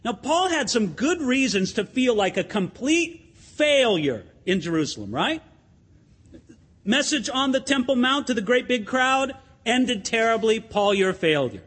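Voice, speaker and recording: A man's voice: extremely high pitch, expressive, a little slow, a bit bright, husky. A pastor preaching a sermon in an earnest, emphatic way, addressing his listeners as friends in a church sanctuary. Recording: long hall reverb.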